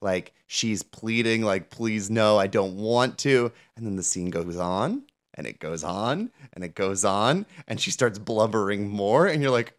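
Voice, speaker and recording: A woman co-hosting a podcast in casual chat, retelling scenes with animated, acted-out quotes and laughter. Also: a bass voice, unhurried, hardly any pauses. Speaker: podcast co-host.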